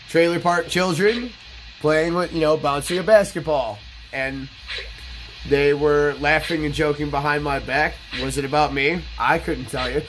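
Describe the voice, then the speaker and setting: A man with a fairly high voice tells his stories bluntly, swearing freely and sounding boastful. Faint game music plays quietly behind him. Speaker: gaming channel host. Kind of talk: casual storytelling over gameplay.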